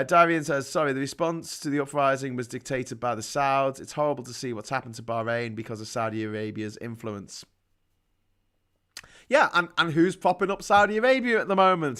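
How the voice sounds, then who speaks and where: A man hosts a relaxed chat show, talking in an animated, joking way. His voice sits a little high for a man. He reads viewer comments aloud and answers them with mocking asides. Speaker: host. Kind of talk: casual chat, reading comments.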